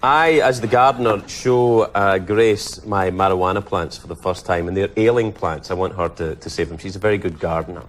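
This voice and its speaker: A man with a Scottish accent, a talk show guest chatting in an animated, playful way and laughing often. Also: deep voice, normal speed, hardly any pauses, slight background noise. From Scotland.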